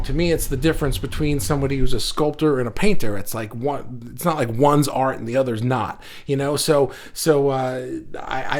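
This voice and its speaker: A man hosting a casual livestream, talking excitedly to viewers and reading their comments, halting often with restarts. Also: mid-range voice. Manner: says he talks fast when excited. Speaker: livestream host. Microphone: phone.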